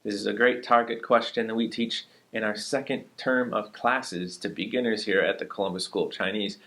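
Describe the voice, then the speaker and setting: A man teaching a language lesson, patiently demonstrating sounds slowly and repeating them. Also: on the low side, fairly even intonation, a bit bright. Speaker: Chinese teacher.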